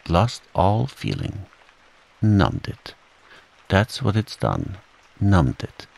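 A man's voice: low voice, wildly swooping pitch, drawn-out words, vocal fry, a little mellow, exaggerated voice, rough recording. A man doing gloomy old donkey Eeyore. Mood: glum. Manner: mournful, sighing complaints. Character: gloomy old grey donkey, self-pitying and slow.

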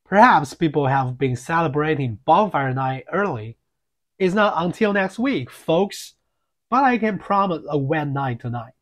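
A man's voice: a little high, expressive, measured pace. A man reading an audiobook, voicing a cheerful TV weatherman with chatty on-air patter. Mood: breezy.

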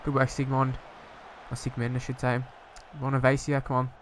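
Casual gamer, young man, mid-pitch voice, rambling play-by-play with sweary outbursts, faint hiss behind. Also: monotone, normal speed. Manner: rambling, hesitant, bursts into swearing frustration. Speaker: gaming YouTuber. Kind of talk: casual game commentary.

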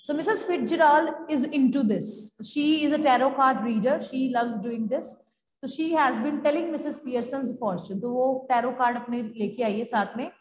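Woman, Indian English accent, teacher explaining a play, mixes Hindi, high voice, long reverb. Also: quick pace, a little mellow. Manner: mixes English with Hindi, addresses students as beta. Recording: echoey room with long reverb.

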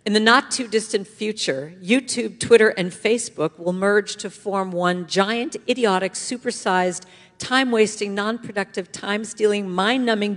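A woman speaking as guest speaker at a church, giving an inspirational talk with lively storytelling and call-and-response. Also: mid-range voice, moderate pace. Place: church sanctuary. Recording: long hall reverb.

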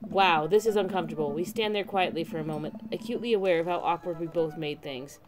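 A woman's voice: lowish voice, fast, few pauses, slight background noise. A woman giving joking, playful commentary while playing a story game. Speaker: game streamer. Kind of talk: let's play commentary.

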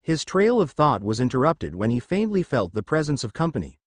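A man's voice: medium pitch, sing-song, fairly quick, no room sound. A man reading fan fiction aloud as a narrator, telling the story expressively. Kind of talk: scripted fanfic narration.

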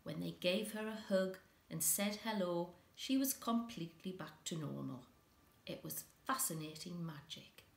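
A woman reading a children's story aloud with an expressive, dramatic delivery, in an echoey room. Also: fairly low pitch, a little slow, vocal fry.

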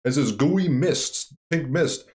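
A man's voice: a little high, slow pace. Young guy streaming a horror game, swears constantly, voice bouncing all over the place as he rambles. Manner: rambling and profane, animated storytelling. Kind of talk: casual gameplay chat.

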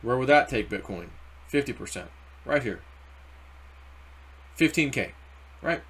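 A man hosting a casual crypto market commentary, rambling and animated, acting out quoted voices as he goes. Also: medium pitch, unhurried, husky. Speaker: crypto video host.

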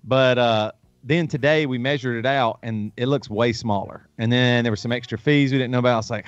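A man's voice: mid-range voice, brisk, no echo. A man hosting a casual show, telling stories in a rambling way with many restarts. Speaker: host. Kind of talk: casual chat. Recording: dull lo-fi stream, faint music.

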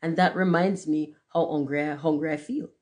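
A calm, down-to-earth duck lady, as a reader puts her on, quacking and unbothered by a boaster. She talks in a mild, practical way, with nothing grand about her. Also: medium pitch, a little fast, lightly acted. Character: peaceable plain-spoken female duck.

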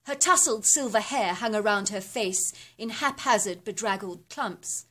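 A woman reading a first-person horror story aloud in a steady, descriptive storytelling manner. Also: medium pitch, a little slow. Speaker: narrator.

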